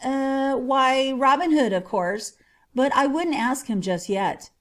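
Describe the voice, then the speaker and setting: A woman voicing a big, easygoing forest outlaw who speaks calmly and teasingly. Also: sits high, slow, pitched above the performer's own voice. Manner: calm, teasing.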